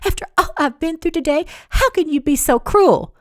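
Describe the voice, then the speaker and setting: This is a hot-tempered young woman from a romance storybook, put on by a woman reading aloud. She pitches her voice high and shrill and argues with tearful indignation. The sound is dry and close, with no room around it. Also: lively intonation, moderate pace, no echo. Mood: indignant.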